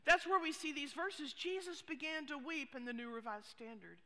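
A woman pastor preaching a sermon, expressive, with hushed asides. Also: high-pitched, moderate pace. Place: church sanctuary. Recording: long reverb of a church hall.

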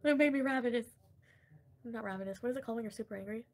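A woman's voice: a little high, racing. A woman hosting a casual livestream and commenting on online drama, blunt and profane, with frequent laughter.

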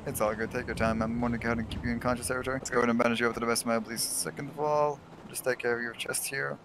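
A man's voice: mid-range voice, level tone, rapid-fire, a bit bright, a little hiss or hum. Man playing a stiff, formal paramedic. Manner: stiff, formal medical jargon. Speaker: role-play paramedic. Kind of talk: in-character game role-play.

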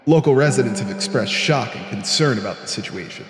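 A young man putting on a lowered, measured newscaster voice to read an in-game news report. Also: lively intonation, echoey room, long reverb tail, music in the background, natural voice. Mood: solemn. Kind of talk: reading an in-game news note aloud.

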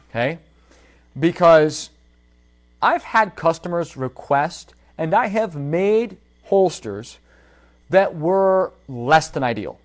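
A man hosting a casual livestream, telling a story from his workshop and talking straight to his viewers. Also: a little high. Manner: animated storytelling, addresses viewers directly. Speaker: holster maker and livestream host.

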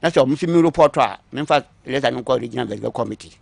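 A man recounting his own long story on a talk show, acting out what others said to him, moving between quiet asides and louder bursts. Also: mid-range voice, rapid-fire, gravelly, no room sound. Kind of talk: call-in story telling.

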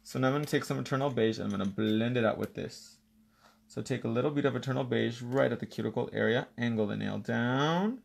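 A medium-pitched, creaky-voiced man talks fast while hosting a live nail tutorial, walking through each step. He banters playfully with a co-host and viewers and occasionally slips in some Spanish.

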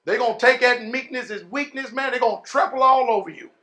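A pastor with a high voice for a man preaches to his congregation. He stretches words slowly, then breaks into loud shouts before dropping low and quiet. His talk is folksy, full of "man" and "y'all.". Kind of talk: sermon.

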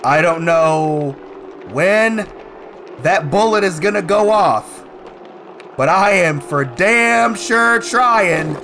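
Male gaming commentator, high, animated delivery, unhurried, prone to yelling and swearing at the screen. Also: background noise. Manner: excitable, swears and yells at the game. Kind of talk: let's play commentary.

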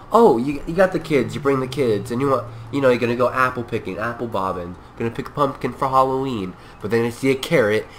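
A man's voice: mid-range voice, fairly bright tone, slight background noise. A man giving goofy, rambling gameplay commentary, playing along in character with mock-serious speeches. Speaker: gameplay video creator.

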